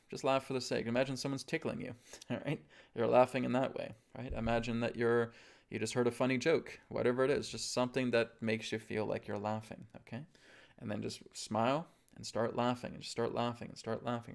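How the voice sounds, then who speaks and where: A man giving a calm, instructive talk on a live webcast, often checking in with his listeners. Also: medium pitch, gravelly. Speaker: spiritual teacher.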